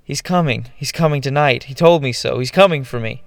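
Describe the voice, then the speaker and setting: A man's voice: medium pitch, fairly quick, vocal fry, no echo, close to an everyday voice. A man voicing a hysterical, terrified middle-aged stepfather who shrieks and blubbers in panic. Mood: frantic blubbering.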